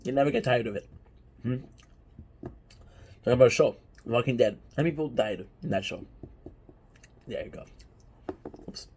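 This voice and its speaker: A man's voice: medium pitch, moderate pace, gravelly, long pauses, darkish tone, breathy edge. A man chatting casually and emphatically to viewers, often throwing in rhetorical questions. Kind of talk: casual anime talk to viewers.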